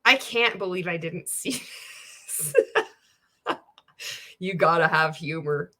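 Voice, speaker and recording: A woman's voice: on the low side, animated, slow pace, sharp tone. A woman from Canada hosting a reaction video, talking in casual, sarcastic commentary full of swearing and laughter. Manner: profane, sarcastic, laughing often.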